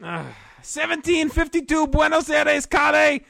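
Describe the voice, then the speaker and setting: A man's voice: very high-pitched, steady tone, measured pace, creaky, pushed and bright, dry recording, clean studio sound, full character voice. A man putting on the voice of a crude, boisterous giant male wrestler from Argentina, teasing everyone. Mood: rowdy teasing. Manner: rowdy, crude, teasing, laughing at own jokes. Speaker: guest doing a character. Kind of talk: comedic impression on a podcast.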